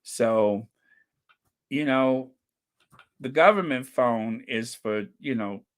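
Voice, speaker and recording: A man hosting a relaxed live-stream chat, talking at an unhurried, easy pace. His voice is smooth and clear as he chats, reads out viewers' names and comments, and laughs along. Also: medium pitch. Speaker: channel host.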